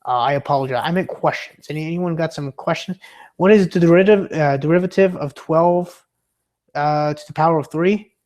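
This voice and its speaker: A man's voice: a little high, a little fast, a little mellow. A man talking casually to his chat on a livestream, still recovering from being sick. He rambles, hesitates and restarts his sentences often. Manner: rambling and hesitant, trips over his words. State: recovering from illness.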